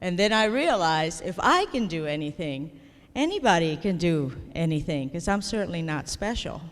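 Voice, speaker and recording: A woman's voice: on the low side, very animated, moderate pace. Woman telling stories in a hall. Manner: storytelling, playful, self-deprecating. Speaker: keynote speaker and comedian. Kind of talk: comedic keynote speech. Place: large hall before an audience. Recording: long hall reverb.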